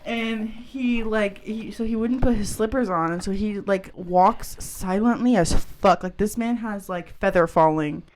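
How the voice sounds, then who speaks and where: A woman co-hosting a casual podcast. She tells stories in an animated, profane way, leaning on "like" between phrases. Her delivery stays loose and conversational. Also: mid-range voice, a little slow, hardly any pauses, a little hiss or hum. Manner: animated, profane storytelling with lots of "like". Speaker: podcast co-host. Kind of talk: casual chat.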